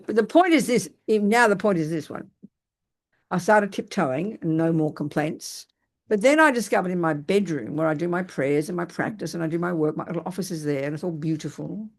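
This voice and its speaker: An older woman gives a Buddhist dharma talk, with her voice sitting at a middle pitch. She teaches through lively, self-mocking personal stories. She often breaks off and restarts her sentences as she goes.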